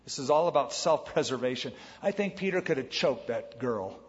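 A man preaching a sermon in a conversational way, tossing in quick quoted asides. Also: medium pitch, lively intonation. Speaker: pastor. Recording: dull sound with long hall reverb.

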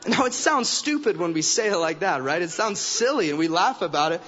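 A man's voice: high-pitched, animated, brisk, fairly bright tone, slight background noise. A man delivering a sermon as a guest preacher, emphatic and repeating phrases for stress. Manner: emphatic, acts out quoted remarks in character voices. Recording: dull recording with long hall reverb.

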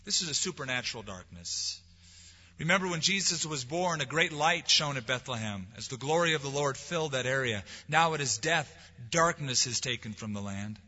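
A man preaching a sermon as pastor, rising to loud emphasis and dropping to quiet lines. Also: a little high, lively intonation, normal speed, long reverb tail, muffled recording. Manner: preaching with swelling emphasis and soft drops.

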